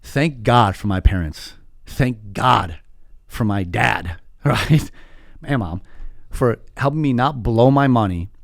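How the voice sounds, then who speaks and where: A man in his forties from Iran, telling his story as a podcast guest in an animated, quick way, full of fillers and quoted voices. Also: medium pitch, gravelly, no room sound, clean studio sound. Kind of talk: casual storytelling.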